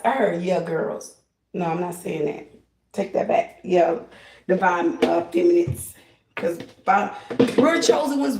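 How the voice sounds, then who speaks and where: A woman with a lowish, darkish voice chats bluntly and casually while getting ready, in a get-ready-with-me video recorded roughly in an echoey room. She gives spiritual readings and repeats her phrases for emphasis.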